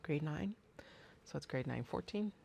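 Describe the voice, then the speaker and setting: Casual sewing-stream host, gravelly fry, rambling and chatty. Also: mid-range voice, animated, a little slow, darkish tone, a little hiss or hum. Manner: rambling, chatty, full of "like" and restarts. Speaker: bag maker and livestream host. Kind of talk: casual livestream chat while sewing. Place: home sewing studio.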